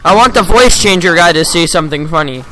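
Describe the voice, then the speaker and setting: A man's voice: a little high, animated, fast talker, pushed and bright, slight background noise, poor audio. A man in casual online game voice chat, teasing and joking with other players.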